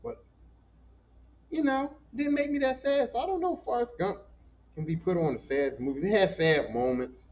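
Animated high-voiced man ranting profanely. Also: moderate pace, pauses often, lo-fi sound, a little hiss or hum. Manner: animated, profane, talks back to listeners. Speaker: podcast host. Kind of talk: casual solo podcast rant.

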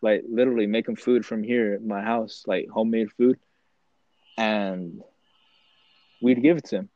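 A young man co-hosting a casual podcast, telling stories in a relaxed way with lots of "like". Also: on the low side, moderate pace, no room sound, dull audio. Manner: relaxed storytelling with many "like" fillers. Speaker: podcast co-host. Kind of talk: casual chat.

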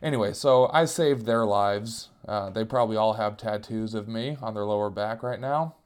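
A man telling a comic story about himself, animated and self-mocking, sometimes jumping into higher voices to act out what people said. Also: moderate pace, clean tone. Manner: self-mocking, animated, jumps into squeaky voices for quoted cries.

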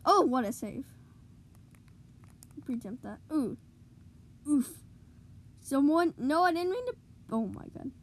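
A woman giving excitable live commentary on her own gameplay, cheering goals and groaning at misplays. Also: high-pitched, slow pace, long pauses. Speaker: gamer streamer.

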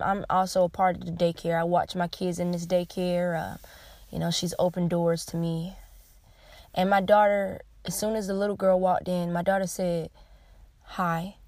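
Young woman vlogger, confessional and heartfelt, halting restarts, dry recording. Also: on the low side, darkish tone, dry recording. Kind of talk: emotional personal confession to camera.

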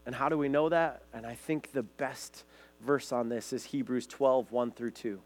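A man's voice: mid-range voice, steady tone, normal speed. A man preaching a sermon as pastor, earnest, reading scripture aloud to his congregation.

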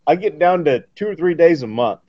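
A man in casual chat, teasing and animated. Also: on the high side, brisk. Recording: dull lo-fi call audio.

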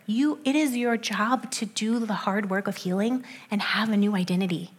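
A young adult woman giving a sermon in a conversational way, with animated asides that drop into soft, hushed stretches. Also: mid-range voice, normal speed, few pauses, breathy edge.

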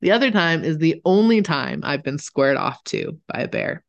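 A woman co-hosting a podcast, telling stories in a lively, casual way and swearing freely. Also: sits low, moderate pace, vocal fry, highs cut off. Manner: animated, chatty, swears casually, laughs often. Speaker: podcast co-host. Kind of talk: casual storytelling chat.

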